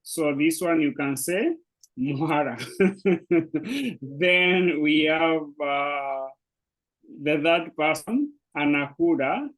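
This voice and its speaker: The speaker is a man who teaches Swahili and speaks natively, explaining an online lesson in English at a slow pace. His voice is a little high and fairly bright, his manner halting with fillers and restarts, and the recording is low quality.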